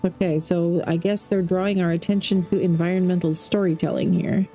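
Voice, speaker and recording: A woman giving casual, chatty let's-play commentary as a game streamer, thinking out loud as she plays. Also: fairly low pitch, fairly even intonation, brisk, soft background music. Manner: chatty, thinks aloud while playing.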